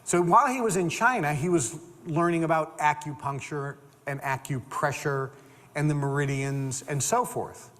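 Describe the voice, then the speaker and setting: An older man giving an animated storytelling talk as a motivational speaker, repeating words and acting out the people in his stories. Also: on the high side, moderate pace. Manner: animated, repeats words, acts out quoted dialogue. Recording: long reverb of a hall.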